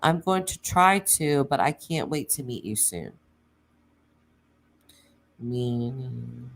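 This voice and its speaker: A woman hosting a true crime channel, reading text messages aloud in a plain way, with pauses and casual asides. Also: rumbling low, vocal fry.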